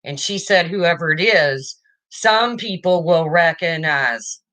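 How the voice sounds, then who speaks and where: A woman's voice: fairly low pitch, animated, takes it slowly, pushed and bright. A woman hosting a casual livestream, chatting and answering viewer comments as they come in. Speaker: livestream host.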